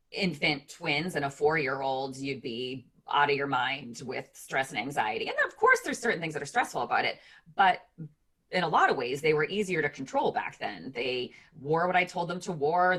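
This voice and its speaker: A woman in her forties talking candidly in a casual podcast chat, with lots of fillers. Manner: candid, chatty, many fillers like "like" and "um"; animated mimicry of her kids in high voices. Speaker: podcast co-host.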